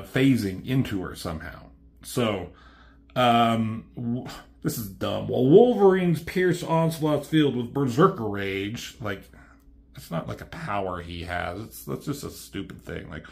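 A man casually recapping a comic book, profane and offhand, with a mocking edge as he quotes the characters. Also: lowish voice.

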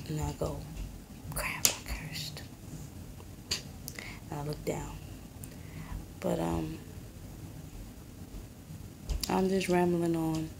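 In her twenties, a vlogger and mother rambles casually into her phone from a small, cramped apartment, speaking softly and in a hushed way. Her low, gravelly voice carries heavy vocal fry, and she stretches each thought out slowly. The background is noisy.

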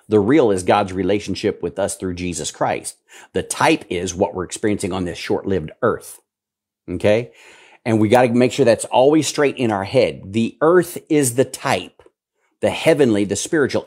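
A male pastor preaching fervently and answering viewer questions, swinging between low mutters and loud outbursts.

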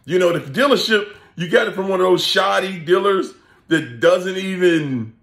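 Man, vlog host, laughing, animated storytelling, echoey indoor room. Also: high voice, normal speed. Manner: laughs often, animated, acts out quoted voices. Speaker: channel host and coach. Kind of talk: casual comedic vlog rant.

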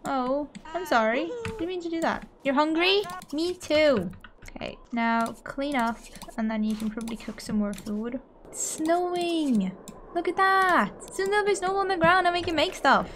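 A young adult woman giving let's play commentary, excitable and quick to gasp and squeal at what happens in the game. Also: high voice, a little hiss or hum. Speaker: gaming YouTuber.

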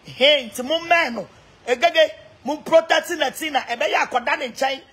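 A woman's voice: sits high, moderate pace, fairly bright tone. A Ghanaian woman mixing Twi and English in a mocking, laughing rant, taunting people online. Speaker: social media personality. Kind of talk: mocking live-stream rant.

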